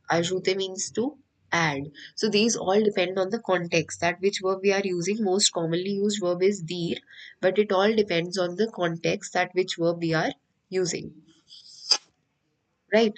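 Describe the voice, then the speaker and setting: A woman's voice: medium pitch, steady tone, normal speed, low-quality recording. A woman with an Indian English accent teaching an online French class, patiently repeating each point.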